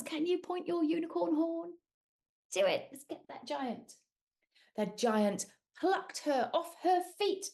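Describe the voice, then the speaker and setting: A British woman reading a picture book aloud to young children, animated and sing-song, asking them questions and inviting them to join in. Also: high-pitched, a little slow.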